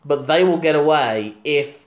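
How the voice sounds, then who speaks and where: A man's voice: on the high side, normal speed, roomy sound, lo-fi sound. A man recapping a film plot in casual chat, with dry asides. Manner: narrates plot in long runs, dry asides. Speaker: podcast co-host recapping a film.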